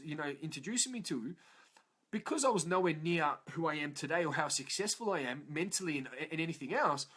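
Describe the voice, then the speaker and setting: A man's voice: fairly high pitch, fairly bright tone. A man, a motivational speaker, telling a blunt and profane personal story to an audience.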